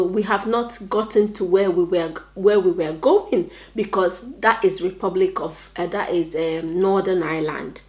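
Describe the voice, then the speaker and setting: Young Nigerian woman telling her story. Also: lowish voice. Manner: earnest, repetitive storytelling with many "like"s. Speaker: vlogger. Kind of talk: story time vlog.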